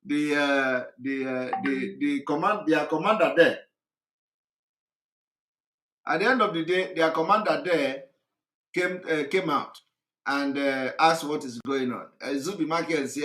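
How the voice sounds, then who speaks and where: A man's voice: on the high side, measured pace, a bit bright. A man giving a rambling live broadcast monologue, retelling stories with a comic touch. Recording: roomy echo.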